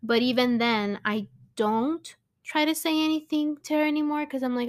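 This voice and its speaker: A woman's voice: sits high, normal speed. A young woman hosting a solo podcast, talking casually and rambling with many restarts and fillers. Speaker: podcast host.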